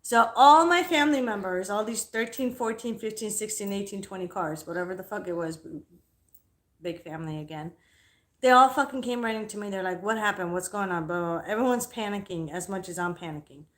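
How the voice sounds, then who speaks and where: A young woman hosting a livestream, telling a story in a casual, animated, profane way. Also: medium pitch, a little fast. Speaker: livestream host.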